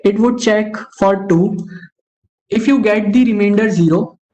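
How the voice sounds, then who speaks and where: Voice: mid-range voice, measured pace, mellow. A young adult teaching algorithms in an online webinar, saying okay constantly and correcting themself mid-sentence. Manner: says okay constantly, stops to correct itself. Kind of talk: online coding lecture. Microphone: online call microphone. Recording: dull lo-fi call audio.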